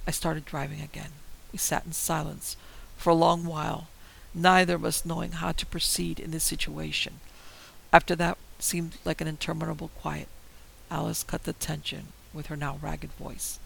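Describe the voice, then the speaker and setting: A man giving tense, measured first-person horror story narration. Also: a little high, flat delivery, creaky, fairly bright tone, breathy edge, poor audio.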